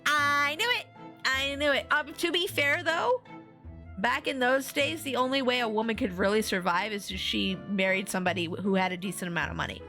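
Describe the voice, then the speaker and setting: A woman streamer commenting on a game in a giggly, animated way. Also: a little high, brisk, faint music behind.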